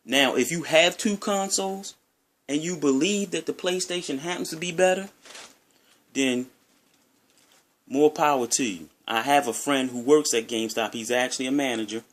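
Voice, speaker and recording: A man's voice: fairly high pitch, normal speed. A man with a Maryland accent talking casually to his viewers in a rambling, conversational way, often repeating himself. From Maryland, USA. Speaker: gaming vlogger. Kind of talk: casual talk to camera.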